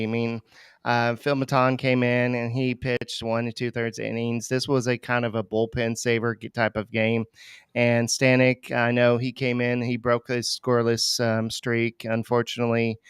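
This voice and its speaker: A man's voice: mid-range voice, smooth, no room sound, clean studio sound. A man co-hosting a baseball podcast, chatting loosely with many fillers and restarts. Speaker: podcast co-host. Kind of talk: casual sports podcast talk.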